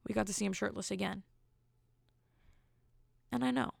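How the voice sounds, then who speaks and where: Young female podcast host, casual solo storyteller, gravelly fry, dry close mic, rambling and self-amused. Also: mid-range voice, steady tone, normal speed, darkish tone, no echo.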